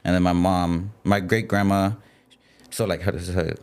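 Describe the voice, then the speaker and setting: A man's voice: sits low, little pitch movement, normal speed, darkish tone, clear, resonant tone. A man in his late twenties to thirties, a rapper guest chatting loosely on a podcast, rambling with lots of "like". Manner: loose, rambling, heavy use of "like". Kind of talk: casual podcast chat. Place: podcast studio.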